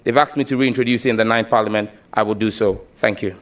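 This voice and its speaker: A man's voice: lowish voice, fairly even intonation, fast talker. A man answering questions at a formal parliamentary vetting, emphatic and impassioned. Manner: emphatic and impassioned, stumbles at the start. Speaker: ministerial nominee at a parliamentary vetting. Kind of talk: formal hearing testimony.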